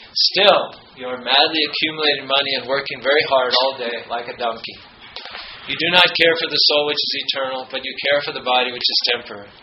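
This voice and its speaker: A man giving a spiritual talk, reading quotes emphatically and telling a parable with hesitant fillers, in a roomy, dull recording with noise behind. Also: medium pitch. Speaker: spiritual speaker. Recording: roomy, dull, noisy ambience.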